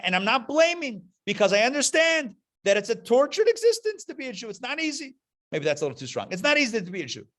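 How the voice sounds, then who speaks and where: A male rabbi with a high-pitched, fairly bright voice lectures a class in front of a live audience. He's passionate and emphatic, making his points land by repeating key phrases.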